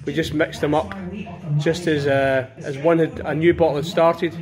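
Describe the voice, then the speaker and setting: A man's voice: fairly high pitch, little pitch movement, normal speed, crowd noise. A man giving a casual walkthrough in a vehicle workshop. His voice is muffled by a face mask, and he keeps checking for agreement with tag questions. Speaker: charity workshop vlogger.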